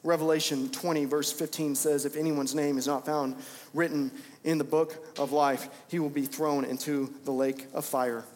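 A man's voice: fairly high pitch, level tone, normal speed, a little mellow, a little hiss or hum. A young adult man preaching a sermon as pastor of a church, impassioned and repeating phrases for emphasis. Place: church sanctuary. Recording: church hall reverb.

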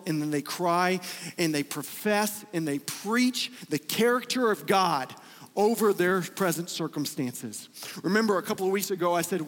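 A man preaching a sermon as pastor, impassioned, swinging between loud pleading and hushed words, often repeating himself to press a point. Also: sits high, moderate pace, in a large hall.

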